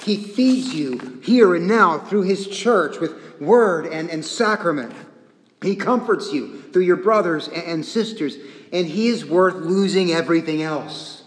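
A man preaching a sermon in an earnest, deliberate way, repeating phrases and pausing often. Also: fairly high pitch. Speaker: pastor. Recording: echoey church hall with long reverb.

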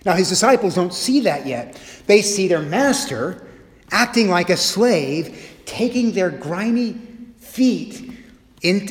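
A middle-aged male pastor delivers a sermon with a voice a little higher than most men's. He moves between quiet, slow reflection and quick, animated storytelling, acting out quotes with humor. The sound rings around a roomy church sanctuary with a long reverb tail. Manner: expressive, shifts pace and loudness, acts out quotes with humor.

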